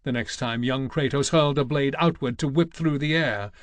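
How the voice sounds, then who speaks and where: A man's voice: mid-range voice, no room sound. Dry, dramatic male audiobook narrator. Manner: measured, dramatic reading. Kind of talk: scripted narration.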